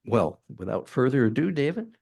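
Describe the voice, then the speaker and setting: A man hosting a church forum, introducing the guest speaker to the audience in a halting, light-hearted way. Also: medium pitch, very animated, vocal fry, darkish tone. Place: church meeting room.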